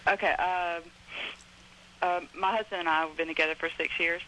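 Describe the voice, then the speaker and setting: A woman in her twenties with a Southern US accent, calling in to a radio show and telling her story hesitantly, full of ums and pauses. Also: fairly low pitch, fairly even intonation, bright, forceful tone. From Florida, USA. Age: 20s. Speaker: caller. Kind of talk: call-in radio confession. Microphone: telephone. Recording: thin phone line with faint hiss.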